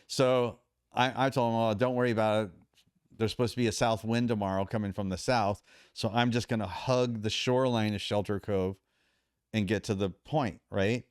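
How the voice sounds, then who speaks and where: A man with a low, smooth, resonant voice tells a story as a podcast guest, acting out what people said. The sound is dry and close, with no room around it. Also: moderate pace, no room sound. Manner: animated storyteller, acts out quoted dialogue. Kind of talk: casual storytelling.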